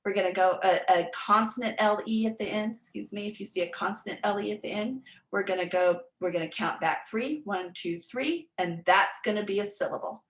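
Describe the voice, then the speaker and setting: A woman's voice: mid-range voice, a little fast, few pauses, fairly bright tone. A woman literacy tutor giving an online workshop presentation, explaining step by step with frequent ums and restarts. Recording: echoey room.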